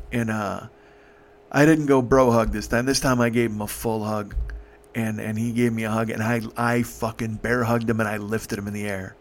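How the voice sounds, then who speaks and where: A man's voice: medium pitch, little pitch movement. Emotional man telling a story. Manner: emotional, profane, halting with restarts. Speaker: podcast host. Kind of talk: personal storytelling.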